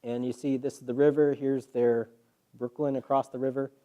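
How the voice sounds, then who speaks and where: Clear and resonant, with a mid-range voice at a moderate pace, this man is a guest presenter speaking to a live hall audience. He tells stories animatedly, acting out quotes and asking rhetorical questions.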